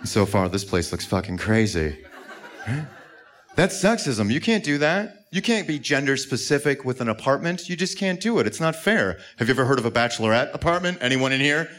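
A man's voice: medium pitch, sing-song, a little fast, a bit bright. A male stand-up comedian telling a story in a mock-outraged, emphatic way.

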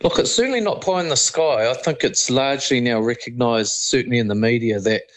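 A man's voice: mid-range voice, a little fast, rough recording. A man with a New Zealand accent, a sports official being interviewed on radio, answering in a confident, matter-of-fact way. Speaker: rugby league chair, radio guest.

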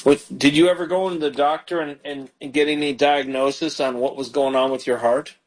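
A man, a pastor hosting a call-in radio ministry, praying fervently over callers and slowing into soft prayer. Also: a little high, steady tone, poor audio. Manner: fervent, slows down and softens into prayer.

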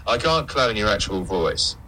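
A man's voice: lowish voice, very animated, moderate pace, sharp tone, a little hiss or hum. A man voicing a friendly chatbot assistant, talking in an upbeat, conversational way. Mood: breezy. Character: chatbot voice assistant, male, easygoing.

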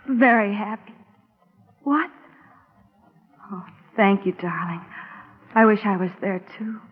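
An actress playing an anxious young wife waiting by the phone for her husband's call, talking in a pleading, halting way. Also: mid-range voice, husky. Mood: tearful brave. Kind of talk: dramatic monologue acting. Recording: tinny lo-fi recording with faint music.

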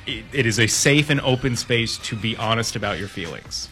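Casting: supportive male co-host, bright forceful tone, reflective, laughs often, faint music under. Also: mid-range voice, lively intonation, a little fast. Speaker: podcast co-host. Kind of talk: casual conversational chat.

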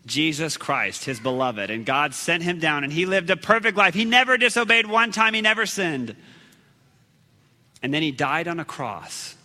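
A man telling a story as a sermon in an animated way, acting out shouted lines and laughing at himself. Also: on the high side, normal speed, in a large hall. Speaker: preacher.

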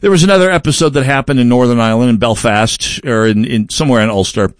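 Male broadcast host, political monologue, mid pitch, emphatic with wry asides, dry close sound. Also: quick pace, no room sound.

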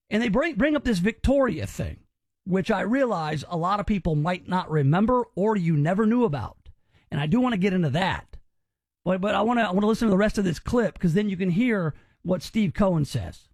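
A male talk radio host comments on news clips in a mocking, incredulous tone. His voice sits high and leaps around with animated swings in pitch. The sound is dry and close. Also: normal speed, no room sound.

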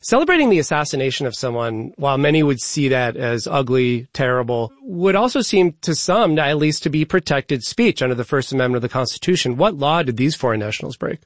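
A young man conducts a news interview with measured, pointed follow-up questions. His voice is mid-pitched and dry, recorded close with no room sound. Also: big pitch swings, no echo.

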